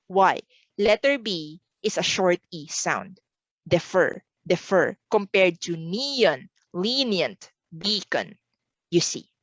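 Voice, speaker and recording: Slow, deliberate woman teacher, dry close mic. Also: fairly low pitch, big pitch swings, no room sound, dull audio. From Philippines. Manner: deliberate, repeats words slowly for pronunciation drills. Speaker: exam reviewer. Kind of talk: recorded online lesson.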